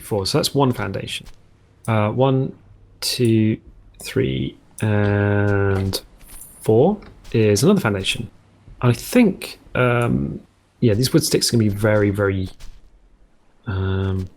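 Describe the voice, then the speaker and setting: A man at a middle pitch talking through a survival game from his home. He rambles and drifts into joking tangents, often cutting himself off and starting over. It sounds relaxed and unscripted, like a casual let's-play host. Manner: rambling, self-interrupting, jokey tangents. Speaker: gaming video host.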